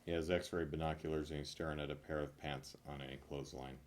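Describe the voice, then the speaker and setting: A man reading knock-knock jokes one after another, loud on the punchlines and mumbling his asides. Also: very deep voice, flat delivery, a little fast, a little hiss or hum. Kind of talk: rapid-fire joke reading.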